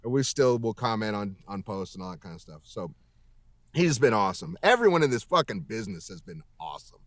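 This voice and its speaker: A man's voice: lowish voice, very animated, fairly quick, no echo, studio quality. A man in a casual interview, talking emphatically and rambling with heavy swearing, over a video call. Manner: emphatic, profane, rambling with restarts. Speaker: voice actor guest.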